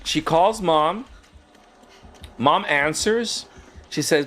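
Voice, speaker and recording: This game streamer and ex-teacher has a fairly high voice and talks extremely slowly, with long pauses, over a slight hiss or hum. Even so, he's animated as he casually recounts classroom stories mid-game, imitating the voices of those he quotes.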